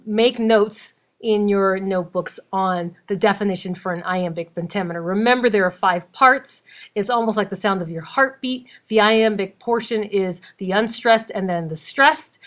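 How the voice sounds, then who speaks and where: In this recorded classroom lecture, a female teacher speaks in a mid-range, somewhat bright voice. She walks through the material step by step and emphatically counts off each point.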